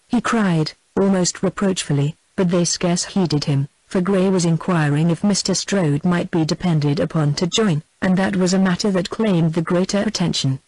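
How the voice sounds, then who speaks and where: Audiobook narrator, steady even reading, dry close sound, middling pitch. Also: moderate pace, no echo, low-quality recording. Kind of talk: scripted narration.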